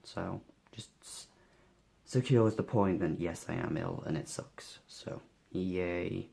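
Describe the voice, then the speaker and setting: A young man with a cold, sniffly and a bit hoarse, talking tiredly through a casual daily vlog with lots of fillers. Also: sits low, measured pace, warm tone. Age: young adult. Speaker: vlogger.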